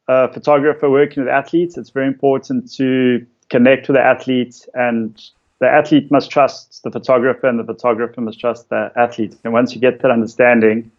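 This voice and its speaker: A man, a photographer casually telling stories about his shoots in a relaxed way, with lots of fillers. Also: mid-range voice, dull audio. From South Africa. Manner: relaxed storytelling with many fillers. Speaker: interviewed photographer. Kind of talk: casual conversation.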